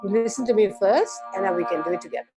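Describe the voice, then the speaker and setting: A woman from Malaysia guiding a group through a gentle voice and breathing exercise, patient and encouraging. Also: medium pitch, racing, over music. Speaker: voice and meditation instructor. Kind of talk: guided voice exercise class.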